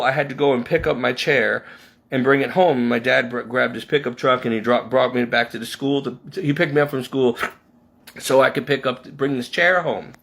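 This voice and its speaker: A middle-aged man from Connecticut vents about his past in an impassioned, rambling personal vlog, often restarting his sentences. His mid-range voice is creaky and fairly bright.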